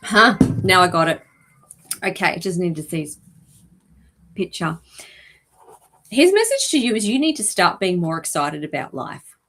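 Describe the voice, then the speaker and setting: A gentle, chatty woman hosting a live-stream reading. Her voice sits a little low, and she fills her talk with soft ums and small asides to her viewers. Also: big pitch swings, measured pace, long pauses. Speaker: animal communicator hosting a live show.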